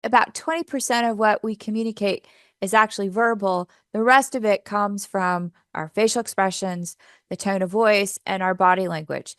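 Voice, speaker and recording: A woman's voice: medium pitch, normal speed, a bit bright, clear, resonant tone, no room sound. Woman workshop presenter, upbeat coaching manner, dry close sound. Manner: upbeat, coaching, asks the audience questions. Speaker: teacher trainer.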